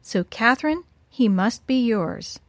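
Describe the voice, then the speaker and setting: A woman voicing a sly, kindly little old woman in a storybook, gentle and measured. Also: fairly high pitch, animated, dry recording. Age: older.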